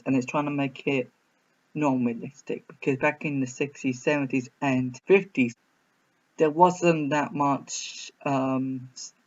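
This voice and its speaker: A man reviewing a film in a casual reaction video, rambling and hesitant with many restarts. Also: fairly high pitch. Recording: slightly muffled.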